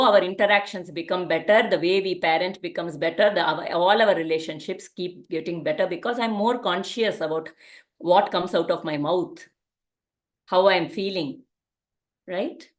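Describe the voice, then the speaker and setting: A woman teaching a parenting class in a conversational way, often asking rhetorical questions. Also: fairly low pitch.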